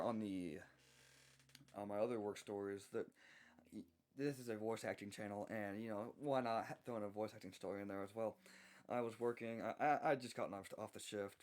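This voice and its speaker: Young Southern man, lowish voice, soft-spoken storyteller, halting restarts. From American South. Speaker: voice actor telling a work story. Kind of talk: unscripted storytelling.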